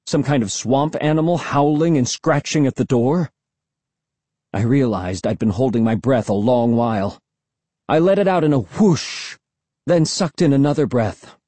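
A man narrating a spooky children's story in the first person, steady and suspenseful. His voice is husky and dark-toned, recorded close and dry. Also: mid-range voice, dry recording. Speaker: audiobook narrator.

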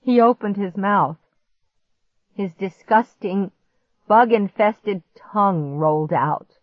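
A woman narrating a storybook in a measured, vivid first-person reading. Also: medium pitch, no room sound. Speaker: audiobook narrator. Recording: dull muffled audiobook recording.

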